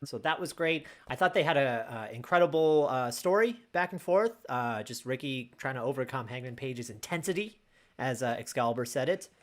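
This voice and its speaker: A man co-hosting a wrestling podcast, talking in a relaxed, casual way and thinking aloud with many fillers. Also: medium pitch, moderate pace. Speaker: podcast co-host. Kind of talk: casual post-show chat.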